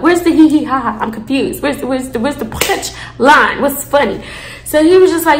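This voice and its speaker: A young woman in her twenties tells a story to her viewers in a lively, dramatic style, swearing freely. Her voice is high and bright. The room gives it a noticeable echo. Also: moderate pace. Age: 20s. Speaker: storytime vlogger. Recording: echoey room.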